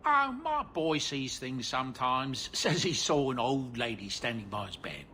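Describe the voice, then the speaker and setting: A man's voice: mid-range voice, big pitch swings, a little slow, bright, forceful tone, a little hiss or hum. An actor playing an aging dwarf manservant in a game, chatty and fatherly, rambling along with chuckles. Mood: fond. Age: older.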